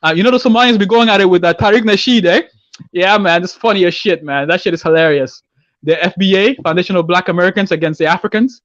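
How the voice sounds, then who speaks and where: Fast-talking man from South Sudan. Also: sits high, no echo, dull audio. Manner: rapid, talks over others. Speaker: podcast host. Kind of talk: casual chat.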